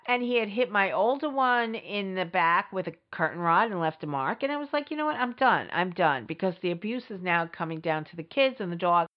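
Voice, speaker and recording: Blunt, emphatic woman with a lively voice. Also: lowish voice. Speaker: podcast host. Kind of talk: candid personal storytelling. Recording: dull lo-fi recording.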